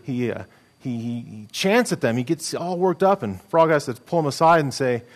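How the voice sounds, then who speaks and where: A man's voice: medium pitch, lively intonation, normal speed. A middle-aged man preaching a sermon as pastor, earnest and conversational, with frequent restarts.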